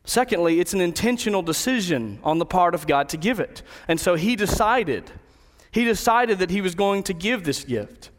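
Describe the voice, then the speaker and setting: A man preaching a sermon, telling a personal story and then slowing down to stress key words of a Bible verse. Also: sits high, lively intonation, in a large hall. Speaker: pastor.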